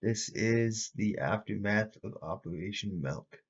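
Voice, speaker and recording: A man running a tabletop horror game as host and game master, narrating with deliberate pauses. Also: fairly low pitch, husky, highs cut off.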